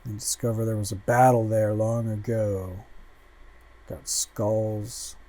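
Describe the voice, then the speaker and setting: A man hosting a casual livestream, flipping through a comic book and muttering relaxed asides, swearing freely as he goes. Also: lowish voice, slow.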